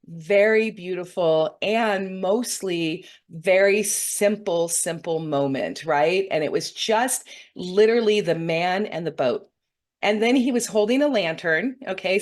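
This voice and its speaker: A woman hosting her own reading show, earnestly recounting a meditation vision to her viewers in a meandering, heartfelt way, often checking in with "okay?" and "right?". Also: lowish voice. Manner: heartfelt, openly moved. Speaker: intuitive reader hosting a weekly show.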